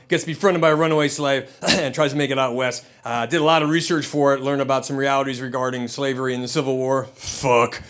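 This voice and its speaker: In a comedy club, a middle-aged American man performs stand-up with a wry, loose, self-deprecating style as the audience laughs. His voice is mid-range and fairly bright.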